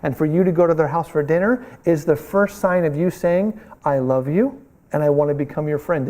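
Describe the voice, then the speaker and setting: A man teaching a missions class, telling animated stories and acting out the voices of the people in them. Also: fairly high pitch. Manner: animated storytelling, acts out voices in quotes.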